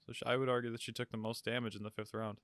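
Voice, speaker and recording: A man's voice: mid-range voice, level tone, very fast, a bit bright, no room sound. A young man co-hosting a casual podcast, tossing in dry joking asides. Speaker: podcast co-host. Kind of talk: casual chat.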